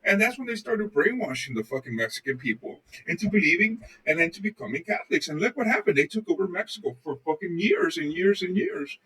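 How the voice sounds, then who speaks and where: A man's voice: high-pitched, a bit bright, slightly rough, distant mic, low-quality recording. A man co-hosting a podcast, chatting casually and telling loose, profane stories full of swearing. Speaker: podcast co-host. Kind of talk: casual chat, rambling storytelling.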